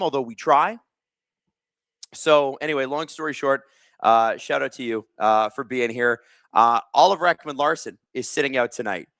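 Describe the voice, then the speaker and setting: A man in his thirties hosts a live hockey watch stream, his medium-pitched, fairly bright voice captured in clean studio sound with no room sound. Snacking as he talks, he chats casually and tells stories in a rambling way, full of fillers and restarts.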